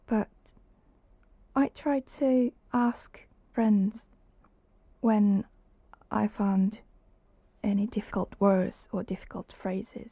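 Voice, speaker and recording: Slow, husky Japanese woman. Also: fairly high pitch, fairly even intonation, no echo. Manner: slow, hesitant, soft-spoken. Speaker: interviewee. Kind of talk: personal account. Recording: dull lo-fi recording.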